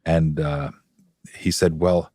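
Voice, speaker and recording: A man as a guest in a podcast interview, telling stories in a relaxed, chuckling way. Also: very deep voice, slow, dry recording, studio quality. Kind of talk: casual chat. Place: podcast studio.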